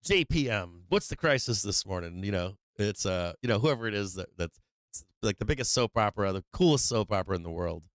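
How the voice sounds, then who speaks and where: A man hosting a live trading stream, talking casually and excitedly, swearing freely and laughing often. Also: on the low side, brisk, no room sound. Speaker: livestream trading host. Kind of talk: casual livestream chat.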